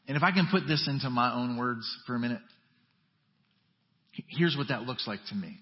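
A male pastor preaching a sermon in a conversational way, dropping to a hush and then rising to emphatic, urgent lines. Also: mid-range voice, expressive, normal speed, long pauses. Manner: conversational preaching with wide swings from hushed to emphatic. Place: church sanctuary. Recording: dull audio with long church reverb.

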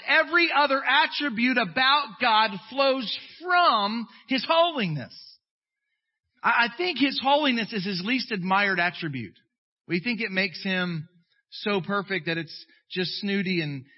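A man preaching a sermon as pastor, animated and emphatic, slipping into comic voices of people he quotes. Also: high-pitched, unhurried, big-room sound, dull audio.

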